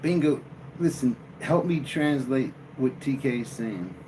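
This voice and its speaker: A man hosting a live stream, chatting casually and joking with his viewers in a slow, drawling way. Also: medium pitch, animated, background noise. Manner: slow, drawling, jokey banter with chat. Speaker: livestream host.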